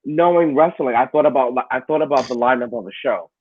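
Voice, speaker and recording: A man, a wrestler, talking in a casual interview, telling animated stories and laughing along the way. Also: medium pitch, quick pace, no room sound, phone-quality sound. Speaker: wrestler guest.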